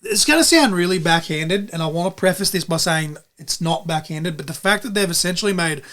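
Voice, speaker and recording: An Australian man with a slightly higher voice hosts a podcast on a close pod mic. He talks in a loose, rambling way, circling back on his own words and dropping in the odd swear. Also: lively intonation, fairly quick, pushed and bright. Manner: rambling, repeats himself, swears casually. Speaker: podcast co-host. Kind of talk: casual chat.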